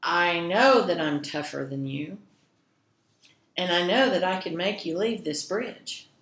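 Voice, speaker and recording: Woman playing a calm, firm big billy goat. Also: fairly low pitch, a little slow. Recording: echoey room.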